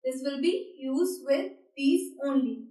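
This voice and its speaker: Slow, high-voiced woman teacher, echoey room. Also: dark tone. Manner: slow and deliberate, repeating words. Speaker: French teacher. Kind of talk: beginner language lesson. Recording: roomy echo, mic at a distance.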